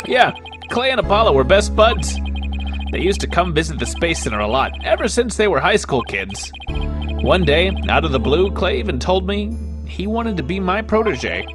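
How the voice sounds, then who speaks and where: A man voicing a passionate middle-aged male astronaut in earnest game dialogue, with game music behind. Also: sits high. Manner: earnest, swings from hushed to excited. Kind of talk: reading game dialogue aloud.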